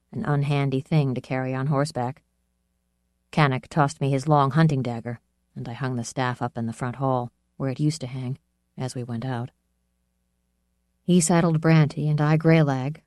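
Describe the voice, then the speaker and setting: A woman narrating an audiobook in a steady, measured storytelling manner. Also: rumbling low, dry recording, studio quality.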